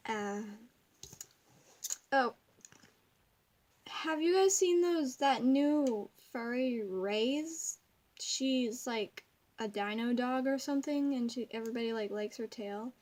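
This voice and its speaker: A woman's voice: a little high, takes it slowly, long pauses, darkish tone. A young woman at home giving a rambling, giggly craft tutorial that keeps drifting off topic. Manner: rambling, giggly, easily sidetracked. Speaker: craft video maker.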